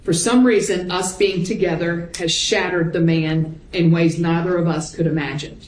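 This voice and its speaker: Lower-voiced woman reading evidence in court. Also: fairly even intonation, moderate pace, slight background noise. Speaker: prosecutor. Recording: echoey courtroom audio.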